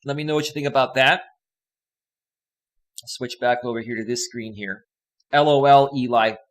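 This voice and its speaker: A man's voice: medium pitch, moderate pace. A man hosting a casual live stream, chatting with viewers in a rambling, upbeat way from a home green-screen setup with a desk microphone. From Northern California. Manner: rambling, chatty, reads viewer comments aloud. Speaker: host.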